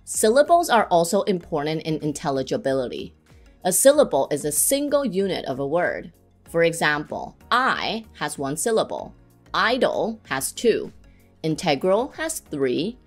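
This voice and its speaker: A woman giving scripted instruction on English pronunciation, saying example words slowly and clearly to model them. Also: sits low, very animated, soft background music.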